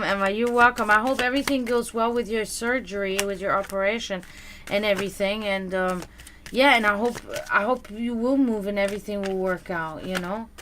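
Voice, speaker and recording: Brief: woman, psychic reader on stream, bright tone, slow unhurried talk, easily flustered. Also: mid-range voice, a little hiss or hum. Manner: easily flustered, breaks into loud laughter; reads tarot cards for viewers. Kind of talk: casual live-stream chat, reading viewer questions.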